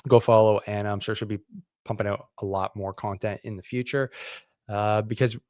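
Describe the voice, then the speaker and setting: A middle-aged man from Canada, a veteran host speaking alone to his audience in a plainspoken, emphatic way, with sudden loud bursts as he rallies people to show up. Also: steady tone, moderate pace, no room sound, studio quality. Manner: emphatic, rallying, loud bursts of pitch and volume; rough, plainspoken, curses. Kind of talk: impassioned solo talk to camera.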